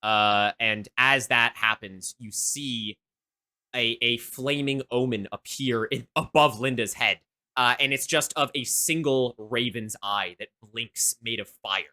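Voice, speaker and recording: A man narrating as game master of a tabletop game, halting often with fillers. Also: mid-range voice, bright, forceful tone.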